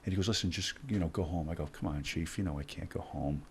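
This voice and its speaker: A middle-aged man with a very low voice recounts his experiences as a podcast guest. He acts out the dialogue in lively turns, speaking in conversational bursts. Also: fast talker, slight background noise. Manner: animated storyteller acting out dialogue. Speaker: guest, former hostage negotiator. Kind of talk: storytelling in a podcast interview.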